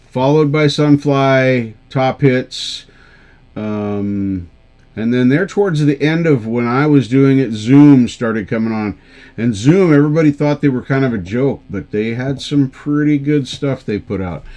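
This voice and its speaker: A man's voice: mid-range voice, unhurried, dark tone. A man hosting a live karaoke stream, chatting casually with viewers in a rambling, self-deprecating way. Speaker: livestream karaoke show host.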